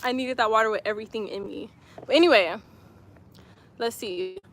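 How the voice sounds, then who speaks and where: A woman's voice: fairly high pitch, fairly quick. A young woman live-streaming her workout, chatting casually and giggling as she talks straight to viewers and reads their comments. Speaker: livestreamer reading chat comments. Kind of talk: casual live-stream chat while exercising.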